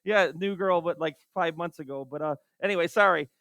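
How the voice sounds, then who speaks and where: A man's voice: on the high side, fairly quick, a bit bright, no room sound. A man teaching a math class, calling on students by name and exasperated by wrong answers. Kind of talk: classroom lecture.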